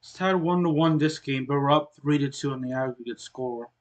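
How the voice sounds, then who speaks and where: A man casually commentating a soccer video game he is playing, explaining the score as he goes and often clearing his throat. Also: medium pitch, a little fast. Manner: relaxed, explains as he plays, frequent throat clearing. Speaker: gaming channel host.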